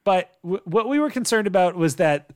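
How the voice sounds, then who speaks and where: A man co-hosting a casual podcast, recapping plot in a relaxed way and laughing often. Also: high-pitched, normal speed, dry recording, clean studio sound. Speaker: podcast co-host. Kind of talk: casual chat recapping a TV show.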